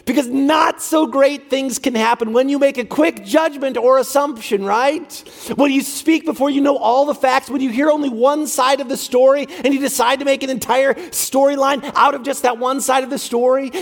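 Guy preaching w a pretty high voice, big echoey church hall, chatty and lively w the crowd. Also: normal speed, creaky. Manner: lively, talks straight to the congregation. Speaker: pastor. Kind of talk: sermon. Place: church sanctuary during a service. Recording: long reverb of a large hall.

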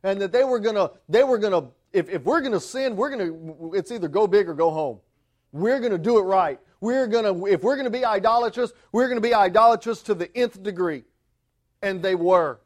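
High-voiced man preaching with fervor. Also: a little fast. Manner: preaching with restarts and rising emphatic peaks. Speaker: pastor. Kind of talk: sermon.

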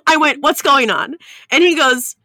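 A woman's voice: high voice, a little slow, no echo, studio quality. A young woman co-hosting a casual chat podcast, telling stories animatedly and acting out quoted lines with frequent laughter. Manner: animated storytelling, acts out quotes, laughs often. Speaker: podcast co-host.

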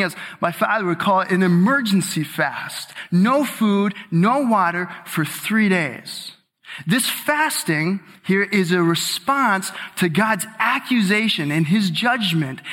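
A man with a high voice preaches a sermon, driving points home by repeating key words. His delivery is slow and deliberate. The sound rings with the long reverb of a large hall. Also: a bit bright.

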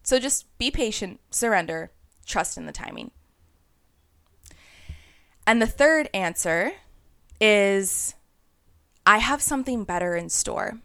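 A woman's voice: medium pitch, expressive, slow pace, gravelly, long pauses, fairly bright tone, no echo, studio quality. A young woman hosting a spiritual podcast, talking in an earnest, conversational way and acting out inner voices. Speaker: podcast host.

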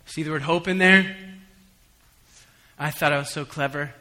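A man preaching a sermon in a church hall, conversational with humorous asides, swinging between soft reflection and emphatic calls to the congregation. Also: fairly high pitch, steady tone, moderate pace. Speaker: pastor. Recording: long hall reverb.

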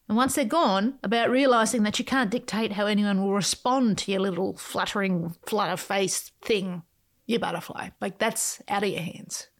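A woman hosts her own podcast, reading a playful, whimsical script in which her pitch swoops suddenly.

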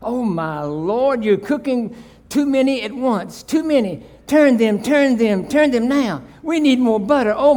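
A man's voice: very high voice, a little mellow, pitched above the performer's own voice. An older man playing a frantic, nagging husband who bosses and repeats himself in a joke. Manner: panicky, bossy, repeating himself.

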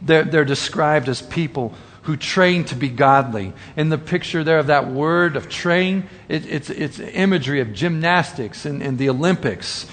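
A man preaching a sermon, earnest and full of rhetorical questions, slowing down for emphasis. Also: fairly high pitch, a bit bright.

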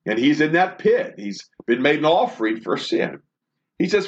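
A man's voice: fairly high pitch, very animated, moderate pace. A man leading a Bible study, reading scripture aloud and then explaining it in an earnest way. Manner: earnest, reads verses then expounds. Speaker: Bible teacher. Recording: dull lo-fi recording.

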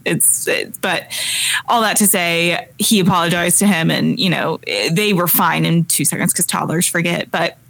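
Low-voiced woman telling a story. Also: fairly even intonation, normal speed, creaky, fairly bright tone. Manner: rambling, many fillers. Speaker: podcast co-host telling a story. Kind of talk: casual storytelling.

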